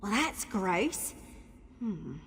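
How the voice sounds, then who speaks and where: An actress playing a plucky, brisk female ally in a fantasy game, with a New Zealand accent and a breathy voice. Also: mid-range voice, sing-song, fairly bright tone, in a large hall, heavily acted.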